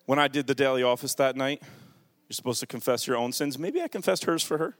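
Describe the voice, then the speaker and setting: A man preaching a sermon in a church with a handheld microphone, moving between quiet, reflective passages and loud, fervent calls to his congregation. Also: medium pitch, quick pace, dry recording. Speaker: pastor. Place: church sanctuary.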